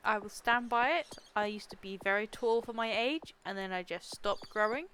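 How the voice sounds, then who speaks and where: A woman's voice: medium pitch, normal speed, hardly any pauses, fairly bright tone, slight background noise. A young woman streaming a video game, chatting casually and reading its dialogue aloud, often poking fun at herself. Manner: chatty, self-deprecating, reads game lines aloud.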